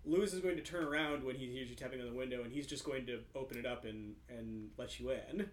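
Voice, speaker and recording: A man narrating a tabletop game as game master, in an animated, rambling way with lots of fillers. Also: medium pitch, fast, slight background noise. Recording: roomy echo.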